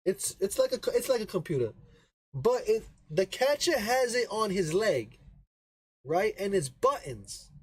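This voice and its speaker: A man's voice: high voice, very animated, measured pace, breathy edge, no echo, rough recording. A man hosting a casual baseball talk show, rambling and explaining with frequent "right?" tag questions and repeated points. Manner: repeats himself for emphasis. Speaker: baseball podcast host.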